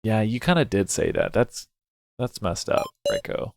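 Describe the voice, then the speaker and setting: Game music runs behind a male streamer doing let's play commentary on a story game. His lowish voice is animated and moves at normal speed as he frets, swears, and reads some dialogue half in character.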